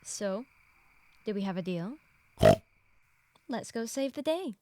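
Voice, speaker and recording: A woman voicing a brave, earnest young girl who wants to be a knight, in an animated story. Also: mid-range voice, slow pace, slight background noise. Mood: determined. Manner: earnest, determined, bossy with her pig.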